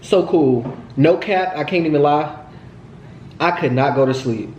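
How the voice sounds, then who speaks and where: A fairly high-voiced man with a mellow tone tells his story to viewers, swearing hard and piling on fillers. He sounds heated the whole way through. The sound bounces around a bare, echoey room. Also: unhurried, a little hiss or hum. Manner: heated, profane retelling with lots of fillers. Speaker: storytime vlogger.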